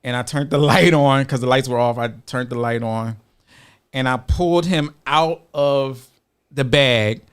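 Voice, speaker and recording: A man's voice: medium pitch, measured pace, smooth. A man co-hosting a podcast, telling a long story in casual chat, acting out the voices he quotes and laughing often. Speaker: podcast co-host.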